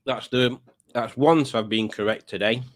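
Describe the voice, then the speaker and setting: This middle-aged man has a mid-range voice and talks at a moderate pace. He's rambling and chatty on a casual home live stream, often poking fun at himself.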